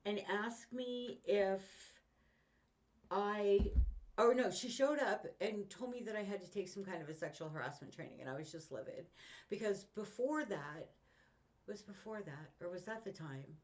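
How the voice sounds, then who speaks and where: A woman's voice: mid-range voice, moderate pace, a little mellow. A woman in her fifties venting in a rambling, frustrated way, swearing often, with her mic set far away. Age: 50s. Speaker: vlogger. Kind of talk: casual venting monologue.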